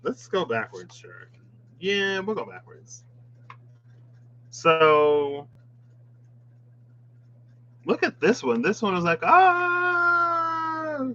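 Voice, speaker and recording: An unhurried man talks through a tarot deck in casual chat, his voice swinging up and down with playful asides. The recording sounds dull and lo-fi. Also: fairly high pitch, big pitch swings, a bit bright. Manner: chatty, musing aloud, playful asides. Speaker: tarot reader.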